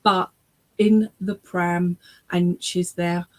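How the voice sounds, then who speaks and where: A woman spiritualist medium gives an online reading over a video call, chatty and emotional, often breaking into laughter and tearful exclamations and checking in with "okay?" and "all right?". Her voice is fairly low, steady in tone, with drawn-out words.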